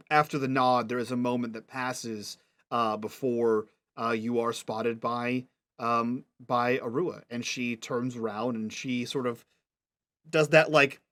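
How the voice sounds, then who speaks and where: A man narrating a tabletop game as game master, halting often as he searches for words. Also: mid-range voice, a bit bright. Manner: halting, full of fillers and restarts.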